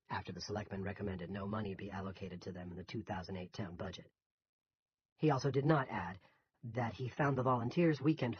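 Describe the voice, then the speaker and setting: A man reading an audiobook in scripted narration, measured and even. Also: on the low side, husky, lo-fi sound.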